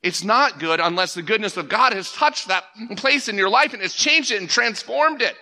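A man's voice: high voice, lively intonation, normal speed, sharp tone. A middle-aged man preaching a sermon in a church, earnest and conversational, often restarting phrases and rising to emphatic peaks. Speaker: pastor. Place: church sanctuary.

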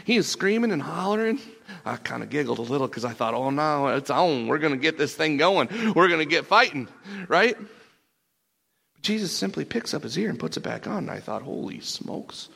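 A man performing a burly, blunt apostle in a rambling, excitable first-person sermon monologue. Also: fairly high pitch, moderate pace, creaky, husky, full character voice. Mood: excited. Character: burly rough-talking apostle Peter, impulsive and blunt.

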